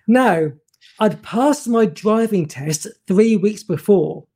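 A man in his fifties recounts a career story with animated energy, tripping over repeated words as he goes. His voice is mellow and slightly husky. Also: sits high, slow pace. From England. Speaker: guest photographer. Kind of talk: anecdotal storytelling.

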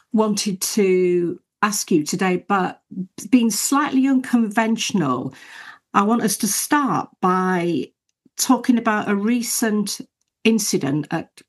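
A woman presenting a radio talk show. Her voice sits a little low and she speaks in a measured, friendly way as she welcomes her guest and asks questions. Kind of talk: radio interview.

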